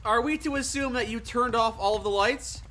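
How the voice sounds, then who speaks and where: High, bright-voiced man, playful. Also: brisk. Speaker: co-player. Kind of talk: casual gameplay banter.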